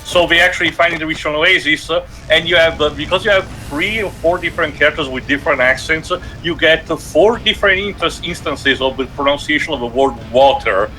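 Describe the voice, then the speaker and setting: A man's voice: a little high, fast talker, few pauses, pushed and bright. A man co-hosting a casual gaming chat, rambling with lots of fillers and restarts. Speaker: podcast co-host.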